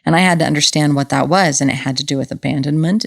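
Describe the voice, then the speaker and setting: Low-voiced lady podcaster, earnest and chatty, dry close mic. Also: fast talker, vocal fry, dry recording. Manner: earnest, conversational, personal anecdotes. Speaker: podcast host. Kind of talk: reflective solo talk on relationships.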